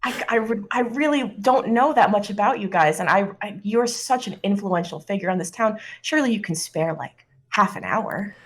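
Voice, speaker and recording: A woman playing her character in a tabletop game, cheeky and bright. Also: mid-range voice, lively intonation, normal speed, hardly any pauses, a little hiss or hum. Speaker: player. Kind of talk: tabletop role-play.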